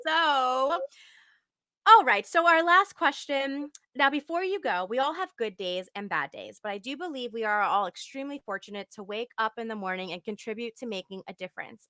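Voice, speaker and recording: A woman's voice: medium pitch, pushed and bright, dry recording. A young woman hosting a live video podcast interview, bubbly and gushing, laughing often. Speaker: podcast host and acting coach. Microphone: video call.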